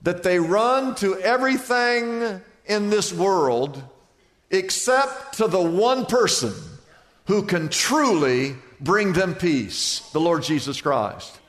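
A man's voice: sits high, lively intonation, takes it slowly, a bit bright. A male pastor preaching an emphatic, conversational sermon full of repetition. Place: church sanctuary. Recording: long church hall reverb.

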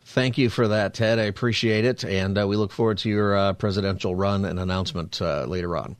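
Male talk radio host, low voice, dry studio mic, conversational. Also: steady tone, brisk, no room sound. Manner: conversational, preachy, upbeat.

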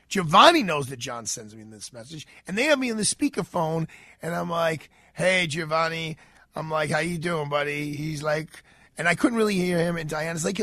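A man's voice: fairly high pitch, a little fast, dry recording, studio quality. A middle-aged man, hosting a talk radio show and telling a story while acting out the voices he quotes. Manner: animated, acts out quoted voices.

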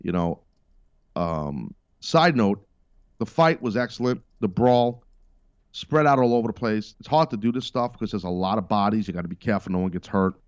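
A man's voice: lowish voice, animated, moderate pace, clear, resonant tone, dry recording, muffled recording. A middle-aged man hosting a podcast, giving blunt, emphatic wrestling commentary with profane, sarcastic asides. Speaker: podcast host.

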